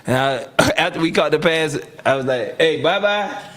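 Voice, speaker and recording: A man telling football stories in a casual interview, acting out quotes loudly and laughing often. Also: a little high, normal speed. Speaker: retired football receiver, guest.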